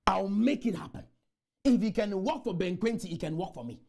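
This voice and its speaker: A man's voice: high-pitched, expressive, a little fast, creaky. Man, fiery exhorting speaker. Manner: exhorting, repetitive chants, bursts into shouts. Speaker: motivational speaker. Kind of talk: motivational conference speech. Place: conference room.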